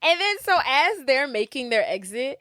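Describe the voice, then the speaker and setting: A woman in her thirties co-hosting a podcast, casually retelling a film's plot in an animated way. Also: high-pitched, moderate pace, dry recording. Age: 30s. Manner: animated, acts out characters' lines. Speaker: podcast co-host. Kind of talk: casual chat retelling a film.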